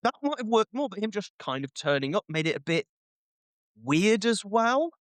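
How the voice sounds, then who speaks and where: A man's voice: high voice, big pitch swings, fast talker, no room sound. A man hosting a casual wrestling chat, ranting and joking as he acts out short quoted voices. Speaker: podcast host.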